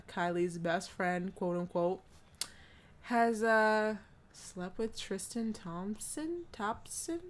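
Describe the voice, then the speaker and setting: A woman co-hosting a casual podcast, gossiping in a chatty, quick way and laughing often. Her voice sits at a middle pitch for a woman. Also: a bit bright. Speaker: podcast co-host. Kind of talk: casual chat.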